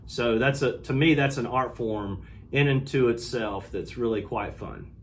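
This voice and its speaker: A middle-aged man giving a relaxed, casual guitar lesson, explaining strumming and sometimes scatting the rhythm. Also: medium pitch, a little slow, slight background noise. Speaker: guitar teacher. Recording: loud guitar under the voice. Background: acoustic guitar playing.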